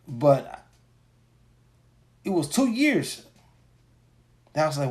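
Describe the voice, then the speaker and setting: A man's voice: a little high, very animated, slow pace. Profane, rambling man in his forties. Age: 40s. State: tired after a long workday. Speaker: podcast host. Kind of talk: casual solo podcast rant.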